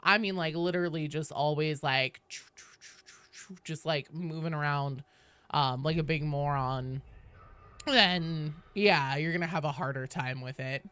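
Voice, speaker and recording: A woman's voice: sits low, steady tone, unhurried, a bit bright, smooth, dry recording. A young woman streaming a game, chatting casually and upbeat with viewers, swearing now and then and greeting people by name.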